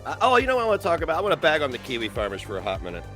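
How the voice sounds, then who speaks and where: A man's voice: a little high, huge pitch swings, rapid-fire, bright, forceful tone, faint music behind. A man ranting on a livestream in a profane, mocking, sarcastic way. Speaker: streamer.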